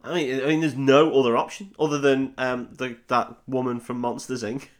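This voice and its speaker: A man's voice: mid-range voice, little pitch movement, normal speed. A man co-hosting a podcast in casual chat, joking crudely and laughing often. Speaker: podcast co-host.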